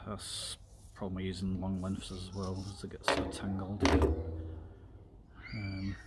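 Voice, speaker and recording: A man's voice: deep voice, monotone, measured pace, very noisy. A man casually talking viewers through a paracord weave while working, rambling with lots of ums and side chat about games. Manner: rambling, filler-heavy, talks while working with his hands. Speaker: streamer. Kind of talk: casual craft tutorial chat.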